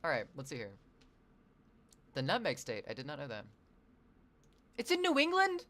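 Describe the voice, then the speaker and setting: A streamer from the Northwestern US, chatting casually with viewers, animated and self-deprecating, swearing freely. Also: mid-range voice, moderate pace.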